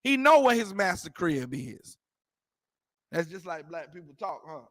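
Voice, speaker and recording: A man's voice: high voice, very animated, measured pace, fairly bright tone, dry recording, clean studio sound. A man teaching a scripture class in an emphatic, repetitive way, using street slang and firing rhetorical questions. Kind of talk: preaching scripture commentary.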